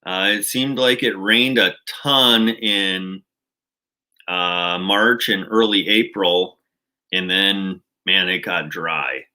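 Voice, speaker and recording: A man with a Minnesotan accent chats unhurriedly on a casual livestream. His voice sits a little low, with a bright, forward edge. He rambles and restarts, dotting his talk with fillers. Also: fairly even intonation, slow. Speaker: channel host.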